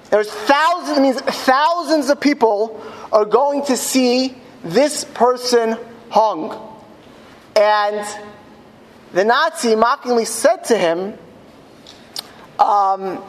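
A man telling a story to an audience with halting restarts, his voice rising to high cries in quoted lines. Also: a bit bright. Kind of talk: impassioned storytelling talk. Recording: long hall reverb, faint ambience.

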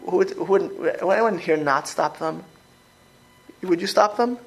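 A man's voice: high-pitched, unhurried, gravelly, poor audio. A man teaching a religious class as a rabbi, talking informally, repeating words and acting out quoted speech as he questions his listeners.

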